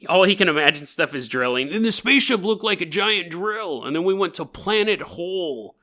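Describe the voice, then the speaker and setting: A man's voice: sits high, fairly quick. A man hosting a podcast, retelling a strange story with jokes and acted-out quotes. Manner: jokey, animated, acts out quotes. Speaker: podcast host. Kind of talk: comedic storytelling.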